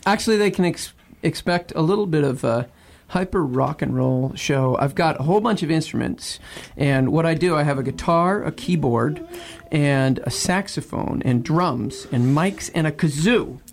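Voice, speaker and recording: A man's voice: on the high side, moderate pace, gravelly. A man who performs music for children, chatting and joking playfully on live radio. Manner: playful, hammy, sings and shouts with kids. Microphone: studio microphone. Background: guitar playing.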